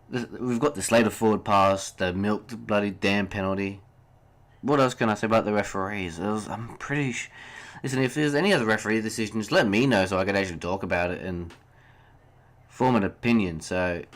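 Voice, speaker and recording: A young man hosting a solo sports podcast, ranting heatedly about referees, swearing and then apologizing. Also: on the low side. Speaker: podcast host.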